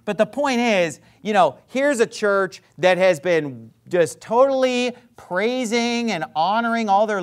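A male pastor delivers a fiery sermon with a sarcastic, combative edge. He leans hard on emphatic phrases, then drops into quick, quiet asides to the congregation. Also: fairly high pitch. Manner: sarcastic, combative, swings between loud emphasis and muttered asides.

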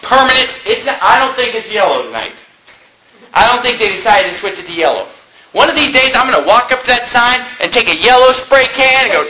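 High, lively emphatic male preacher. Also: a little fast, a little hiss or hum, low-quality recording. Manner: emphatic, repetitive preaching cadence with sudden loud peaks. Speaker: pastor. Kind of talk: sermon.

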